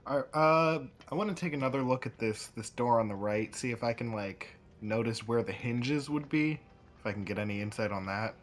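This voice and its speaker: A man's voice: medium pitch, fairly quick. A man playing in a tabletop game, talking casually and matter-of-fact about his character's actions. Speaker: player.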